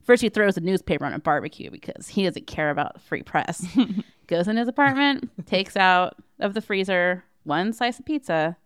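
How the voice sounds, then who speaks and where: Smooth-voiced woman podcast co-host, giggly. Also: on the low side, moderate pace, no echo, clean studio sound. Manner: giggly, animated storytelling. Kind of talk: casual chat.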